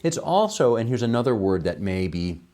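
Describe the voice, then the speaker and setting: A man explaining a piano arrangement in a tutorial, enthusiastic and relaxed, musing aloud between examples. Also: fairly low pitch, normal speed. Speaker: piano teacher. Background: piano playing.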